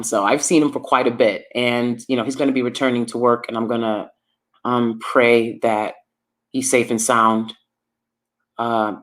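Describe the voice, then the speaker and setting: A woman vlogger giving opinionated commentary to her viewers from downstairs at home, emphatic and repeating lines for effect. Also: a bass voice.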